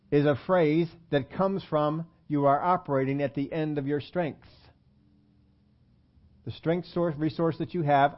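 A man's voice: fairly high pitch, steady tone, unhurried. Man preaching a casual sermon, lo-fi audio. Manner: conversational, self-deprecating, asks the congregation questions. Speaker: pastor.

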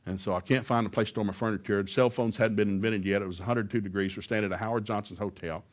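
A man preaching a sermon, telling a personal story in a lively, humorous way. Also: fairly low pitch, quick pace.

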